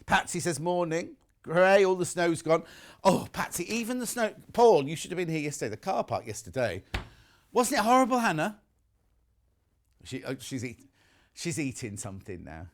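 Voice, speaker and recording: A man's voice: a little high, very animated, moderate pace. Chatty male shopping channel host. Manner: chatty, self-mocking, jokey. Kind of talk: live TV shopping chat, reading viewer messages. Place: TV studio.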